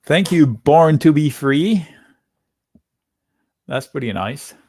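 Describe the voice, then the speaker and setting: A man's voice: a little high, lively intonation, takes it slowly, a little mellow, slightly rough, no echo, studio quality. Chatty man talking through stock charts. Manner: casual, chatty, thinks aloud while reading charts. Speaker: options trading webinar host. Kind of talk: live market commentary.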